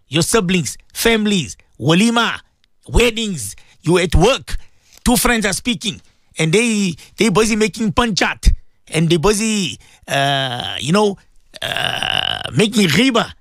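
High, animated male radio preacher. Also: measured pace, no room sound, clean studio sound. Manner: emphatic, repetitive, quizzing listeners. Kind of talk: radio religious talk.

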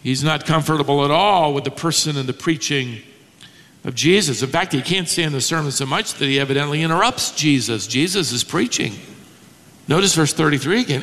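High-voiced preacher in a reverberant hall. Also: male voice, animated, fairly quick. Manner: dramatic, acts out quoted lines with sudden shouts. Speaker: pastor. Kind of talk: expository sermon.

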